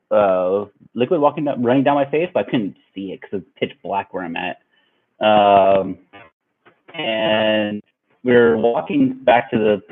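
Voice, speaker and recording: A young man casually telling a rambling story to his viewers, animated and laughing along. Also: lowish voice. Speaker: vlogger. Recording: tinny phone-like audio.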